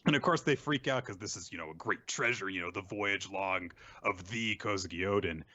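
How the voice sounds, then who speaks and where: Recapping manga casually, this podcast host has a deep voice and a bright, forceful delivery, speaking a little fast. While retelling each scene he performs snippets of the characters' lines. His recording is dry, a touch muffled, with no room sound.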